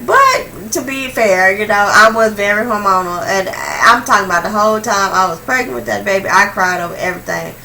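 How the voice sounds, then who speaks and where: A young woman vlogger telling a personal story in a casual, slangy, animated way, swinging between hushed and loud. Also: medium pitch, fairly quick, gravelly, few pauses, far from the mic, a little hiss or hum, rough recording.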